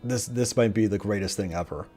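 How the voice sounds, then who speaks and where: A man doing let's play commentary, excitable, swearing often and reading game text aloud. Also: fairly low pitch, fairly quick, faint music behind. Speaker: gaming streamer.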